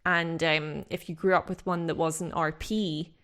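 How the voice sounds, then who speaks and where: Woman from Britain, lowish voice, co-hosting a podcast; reflective and casual, thinks aloud with fillers. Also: fairly even intonation, a little slow, a bit bright. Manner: thoughtful, many fillers and restarts. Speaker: podcast co-host. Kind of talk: casual discussion.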